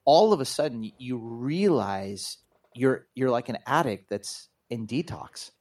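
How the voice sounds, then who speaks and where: A man's voice: medium pitch, lively intonation, unhurried, a little mellow. Earnest reflective man, medium voice. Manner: earnest, reflective, speaks in spiritual terms. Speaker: guest, pastor and author. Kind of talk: reflective conversation.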